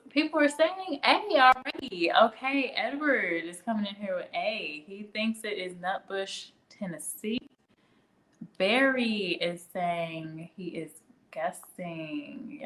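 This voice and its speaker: Slow, chatty Midwestern woman host. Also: medium pitch, a bit bright, low-quality recording. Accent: Midwestern American. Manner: chatty, reads viewer comments aloud, laughs often. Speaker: livestream trivia host. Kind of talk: casual live trivia chat.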